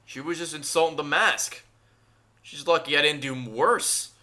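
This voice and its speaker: A man's voice: fairly high pitch, moderate pace, sharp tone. A man giving casual livestream commentary over gameplay, joking and bantering with chat. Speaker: streamer. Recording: game music playing behind.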